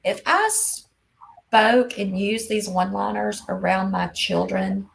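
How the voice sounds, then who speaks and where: Woman, 50s, livestream host, unhurried, gravelly voice, emphatic. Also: mid-range voice, a little hiss or hum, rough recording. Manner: blunt, scolding, emphatic. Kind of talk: casual livestream chat.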